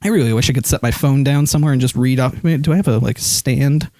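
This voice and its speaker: A man's voice: mid-range voice, fast, a little mellow, no room sound, clean studio sound. A man streaming live, rambling casually and reading chat comments aloud with lots of fillers while holding his phone. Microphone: desk microphone.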